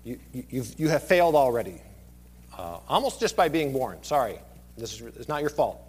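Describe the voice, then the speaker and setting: A man in his thirties preaching a sermon, conversational and digressive, often dropping suddenly to a quiet voice. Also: medium pitch, very animated, normal speed, breathy edge. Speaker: pastor.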